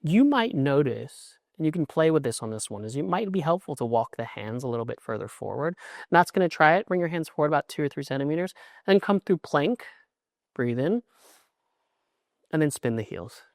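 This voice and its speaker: A man's voice: on the high side, big pitch swings, brisk, vocal fry, no echo, studio quality. A middle-aged man teaching a yoga class, cueing poses in short instructions with an encouraging, chatty manner.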